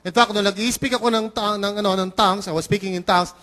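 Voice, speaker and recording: A man's voice: high-pitched, fairly even intonation, rapid-fire, a bit bright. A middle-aged man with a Filipino accent, preaching a conversational sermon as pastor and acting out the voices he quotes. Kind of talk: bilingual sermon.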